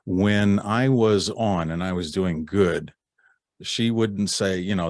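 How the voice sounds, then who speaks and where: A man's voice: low-pitched, a little slow, dry recording, studio quality. A middle-aged man, a guest actor and narrator, telling backstage stories in a rambling, chatty way with many restarts. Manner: rambling, with restarts and warm laughs. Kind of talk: casual interview storytelling.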